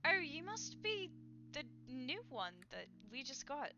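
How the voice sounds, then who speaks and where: Woman playing a soft-spoken, flustered young cook. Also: sits high, very animated, muffled recording, voice pushed up, full character voice. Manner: soft, apologetic, halting.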